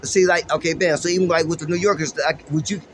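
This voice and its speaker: A man's voice: fairly high pitch, steady tone, fast, slight background noise. A man from Los Angeles, hosting and musing in a laid-back, rambling way, with heavy slang, profanity and plenty of fillers. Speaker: podcast host. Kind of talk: casual street-slang musing.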